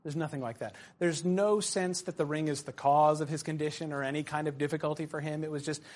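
A man giving a classroom lecture, animated and chatty, full of fillers and acted asides. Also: fairly high pitch, a little fast.

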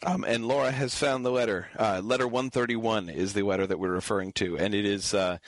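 A man teaches an online class in a patient, halting way, full of fillers and restarts as he answers viewer questions. His voice sits a little low. The sound is dry and close, with no room echo. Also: fairly even intonation. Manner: explains pronunciation patiently. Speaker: lecturer leading an online class.

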